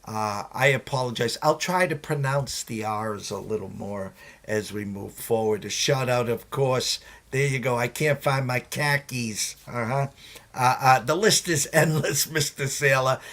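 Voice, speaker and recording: A man's voice: medium pitch, measured pace, fairly bright tone. A man with a Boston accent hosting a sports betting show in a chatty, enthusiastic, self-deprecating way. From Massachusetts. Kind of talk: casual live show talk.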